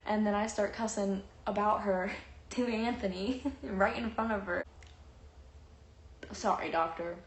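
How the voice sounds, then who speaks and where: A woman's voice: mid-range voice, steady tone, normal speed. A young woman telling a long personal story in a chatty, rambling way, with lots of fillers and acted-out quotes. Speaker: vlogger. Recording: roomy echo, faint noise.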